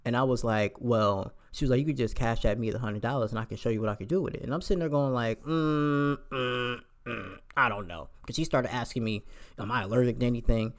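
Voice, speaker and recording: A young man delivers a heated, profane rant in a casual register, firing off rhetorical questions. His voice sits at a middle pitch for a man. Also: fast talker.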